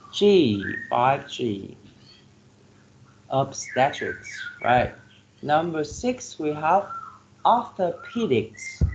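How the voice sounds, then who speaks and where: Slow gravelly male teacher drilling words. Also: medium pitch. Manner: filler-heavy, says "like" and "okay" often. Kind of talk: classroom lesson on word stress. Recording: dull lo-fi classroom recording with faint noise.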